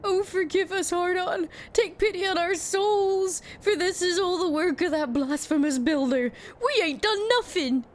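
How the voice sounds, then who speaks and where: A woman's voice: very high voice, measured pace, few pauses, pitched above the performer's own voice. Woman doing frightened pleading villagers. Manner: pleading, whiny.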